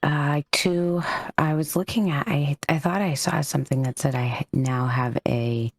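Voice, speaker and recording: A woman's voice: sits low, steady tone, normal speed. A woman playing a tabletop game, chatting casually and sounding unsure as she searches her notes and trails off mid-thought.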